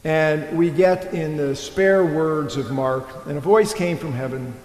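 A man's voice: a little high, measured pace, hardly any pauses, a little mellow. Man preaching in an echoey church. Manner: earnest, digressive preaching with filler and restarts. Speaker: priest. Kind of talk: sermon.

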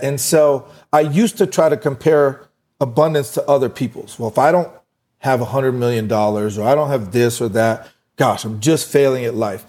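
A man's voice: medium pitch, normal speed, darkish tone. A man in casual conversation, earnestly telling a personal story and acting out the dialogue he quotes.

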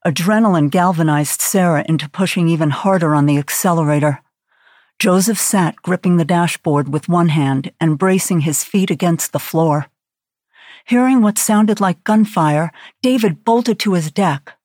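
Female audiobook narrator, steady dramatic thriller read, dry sound. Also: lowish voice, no room sound.

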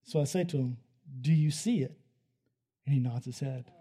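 A man delivers a sermon as a conversational story, swinging between soft, hushed moments and loud bursts of excitement. He speaks at a moderate pace in a medium-pitched voice with some breathiness.

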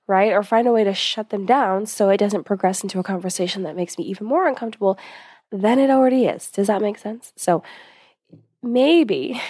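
A woman's voice: mid-range voice, a little mellow, no echo, studio quality. A young woman talking casually as a host giving advice, chatty with lots of fillers, a little short of breath. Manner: chatty, many fillers and asides.

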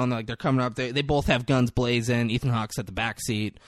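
A man in casual chat, retelling a film scene with lively acted-out lines and plenty of swearing. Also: mid-range voice, fairly quick, no echo, studio quality. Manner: animated storyteller, acts out lines, swears freely.

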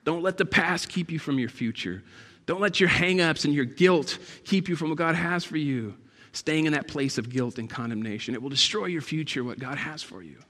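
A man preaching a sermon in a church, emphatic and building to loud, passionate peaks. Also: on the high side, normal speed. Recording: long hall reverb.

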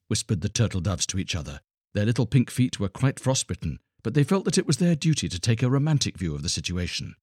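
Deep-voiced, husky male storyteller. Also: no echo, studio quality. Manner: expressive, measured storytelling. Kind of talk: children's story narration.

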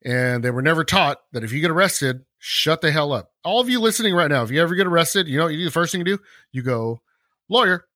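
A man co-hosting a podcast in casual chat, ranting with animated energy, acting out quick voices and laughing often. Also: on the high side, dry recording, clean studio sound. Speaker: podcast co-host.

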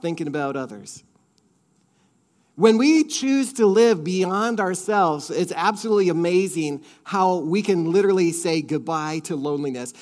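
Middle-aged male pastor, high-pitched, earnest conversational sermon delivery. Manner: earnest, conversational preaching with repeated phrases.

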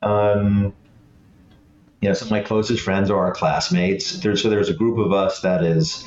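A man in his late fifties, a former head boy appearing as a guest, tells stories in a chatty, self-deprecating way with many restarts. His low voice is fairly even and a little slow. The casual conversation is captured in an echoey room with a muffled recording and a crowd in the background.

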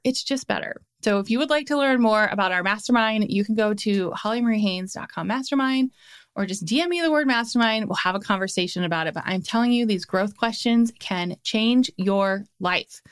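A woman's voice: mid-range voice, brisk, clear, resonant tone. A young adult woman hosting a solo motivational podcast, talking in an upbeat, encouraging way with lots of emphatic repetition, into a podcast mic. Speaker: podcast host.

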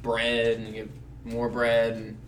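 A man's voice: mid-range voice, completely flat delivery, a little slow, recorded from a distance, a little hiss or hum. A young man chatting casually with friends on a podcast, rambling in a laid-back way and laughing often. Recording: echoey room, off-mic.

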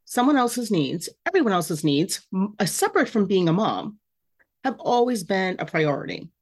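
This podcast host speaks in a mid-range, sing-song voice that's a little mellow, at a moderate pace. In her personal monologue she opens up about her feelings, candid, emotional and self-reflective.

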